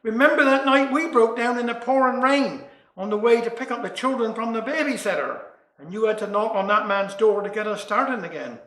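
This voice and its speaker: A man doing a softly scolding wife. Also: very high voice, fairly quick, roomy sound. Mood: reproachful. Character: reproachful, sensible middle-aged wife.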